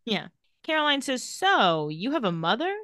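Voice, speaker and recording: Slightly high and full of big pitch swings, this woman's fairly bright voice moves at normal speed. She's a podcast co-host casually going over a TV episode, retelling scenes and delivering characters' quotes with light sarcasm, in a clean studio recording with no room sound.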